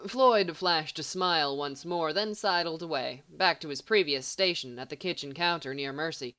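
Woman with a low voice reading a novel aloud, steady and even. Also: measured pace, few pauses. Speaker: narrator. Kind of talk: audiobook fiction reading.

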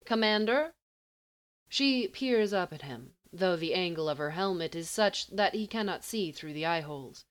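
Woman reading a story, low-ish voice. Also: animated, normal speed, few pauses. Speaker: narrator.

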